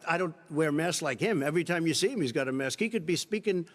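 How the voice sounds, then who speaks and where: A man's voice: fairly high pitch, expressive, fast. A man in a heated televised debate, combative and constantly talking over his opponent. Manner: combative, talks over others. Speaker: debate candidate. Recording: long hall reverb, debate stage.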